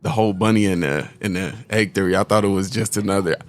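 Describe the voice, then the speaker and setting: A man co-hosts a laid-back podcast in a somewhat low voice. He recalls things in a relaxed, reflective way, pausing now and then to find his words. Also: no echo. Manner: relaxed, reflective, slightly halting. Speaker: podcast co-host. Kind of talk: casual podcast chat.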